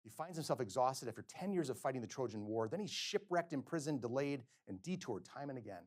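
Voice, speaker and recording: A middle-aged male physician giving a lecture, telling stories and acting out quotes with sudden swings between loud and soft. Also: mid-range voice, lively intonation, fairly quick. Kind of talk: lecture with storytelling. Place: lecture hall.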